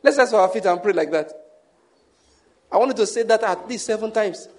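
A man preaching from the pulpit in a high, ringing voice. He reads scripture with slow weight and then leads a congregation in loud, repeated calls for mercy. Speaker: pastor. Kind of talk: sermon.

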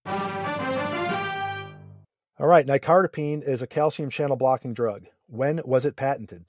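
A man, a guest emergency physician on a podcast, explaining his reasoning in a measured way. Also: mid-range voice, darkish tone, no echo, clean studio sound, faint music behind. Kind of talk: podcast discussion.

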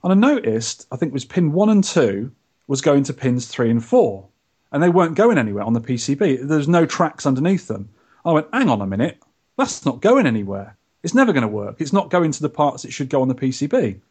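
A man's voice: brisk, breathy edge. A man co-hosting a podcast, telling a story in casual chat. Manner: chatty storyteller, lively pitch. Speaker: podcast co-host.

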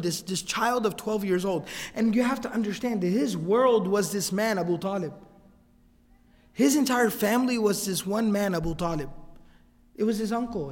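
A man telling a religious story as a lecture, acting out the quoted speech and dropping in Arabic phrases. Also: high-pitched. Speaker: Islamic lecturer. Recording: long hall reverb.

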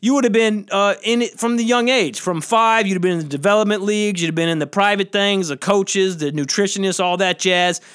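A man's voice: high-pitched, a little fast, few pauses, fairly bright tone, smooth. A young man, a comedian hosting his own podcast, ranting about pet peeves in a rambling, emphatic way and acting out the people he quotes. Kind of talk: solo podcast rant.

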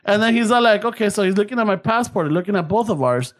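A man's voice: sits high, expressive, quick pace, fairly bright tone. A man telling a story in casual, profane chat, mixing English and Spanish.

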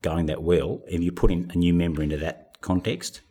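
Guest spot: man, deep husky voice, pastor answering thoughtfully on a podcast, plays himself down. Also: a little fast, dark tone.

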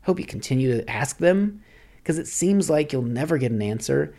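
Gravelly man musing aloud. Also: on the high side, expressive, fairly quick, mellow. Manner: musing, rambling, philosophical. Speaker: podcast host. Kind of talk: reflective solo monologue.

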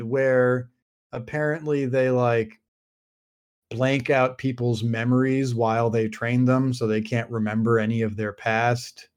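Slow, rambling man summarizing a book. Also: mid-range voice, level tone, clear, resonant tone. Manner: rambling, lots of fillers and restarts. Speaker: podcast host summarizing a book. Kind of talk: casual chat.

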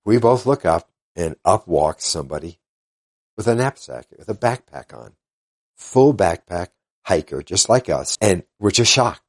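An older man, a guest in an interview, earnestly retelling events in a halting way and quoting what others said. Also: low-pitched, very animated. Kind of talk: casual storytelling interview.

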